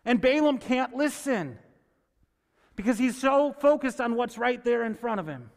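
A man's voice: very high-pitched, animated, a little slow, gravelly. A male pastor preaching a sermon and reading scripture, talking in a conversational way that keeps checking in with listeners. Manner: conversational, asks listeners "right?". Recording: long hall reverb.

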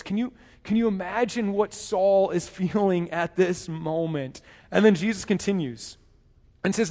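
High-voiced man preaching in a hall. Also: darkish tone. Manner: conversational, repeats words and asks rhetorical questions. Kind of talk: sermon.

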